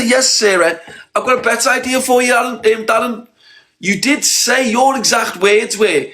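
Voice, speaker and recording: A man's voice: high voice, a bit bright. A man from Liverpool with a Scouse accent, ranting in a livestream call-out, repeating himself and swearing. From Liverpool, England. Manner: repetitive, confrontational, swearing. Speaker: live streamer.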